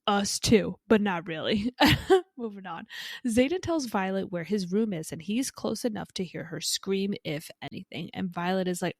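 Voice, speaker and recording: A woman's voice: medium pitch, expressive, normal speed, no room sound, clean studio sound. A woman co-hosting a podcast, recapping a book chapter by chapter in a chatty way, swearing freely and reading out quoted lines. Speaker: podcast co-host.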